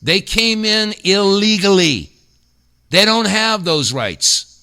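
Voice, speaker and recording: A man's voice: high-pitched, very animated, slow pace, bright, forceful tone, smooth. A man hosting a talk radio show, delivering indignant, emphatic commentary full of rhetorical questions. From United States.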